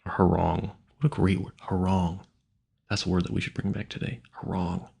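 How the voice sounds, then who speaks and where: A man's voice: low-pitched, flat delivery, a little fast, gravelly, darkish tone, slightly rough. A man rambling casually at a home mic, musing aloud and stumbling over hard words he sounds out. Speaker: audio creator.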